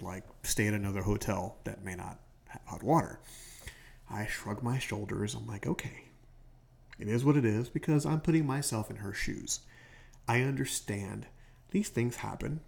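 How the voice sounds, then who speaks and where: A man's voice: lowish voice, creaky, a little mellow. A man hosting his own podcast, telling a rambling story in a casual late-night monologue from a hotel room, stopping often to correct himself. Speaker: podcast host. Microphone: home podcast microphone.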